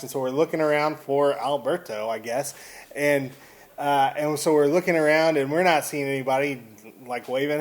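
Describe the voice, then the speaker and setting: A man with a Texan accent casually telling a story to camera, rambling and animated, with frequent restarts. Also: a little high, fairly quick. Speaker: vlogger.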